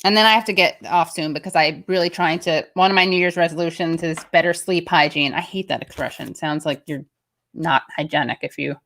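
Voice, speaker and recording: A woman's voice: deep voice, fairly quick, a bit bright. An American woman in her thirties hosting a casual livestream, rambling chattily and reading viewer comments aloud. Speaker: show host.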